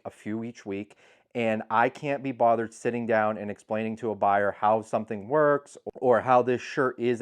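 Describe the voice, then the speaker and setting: A man with a somewhat low voice talks casually to the camera about how he handles returns as a reseller. He is frank and matter-of-fact, laying out his rules plainly. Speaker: eBay seller and channel host. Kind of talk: casual explainer talk to camera.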